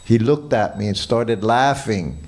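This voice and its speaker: At a temple hall, an older man leads a morning class, reminiscing and chuckling as he shares personal anecdotes. His voice is fairly low, unhurried and a little mellow.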